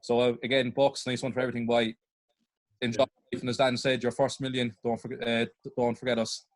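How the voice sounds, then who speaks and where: A man's voice: mid-range voice, level tone, brisk, noisy background. A young man with a Cork Irish accent thanking the host in an informal, teasing way. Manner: informal, teasing, uses the local "boy". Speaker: students' union officer. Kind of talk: casual thanks on a video call.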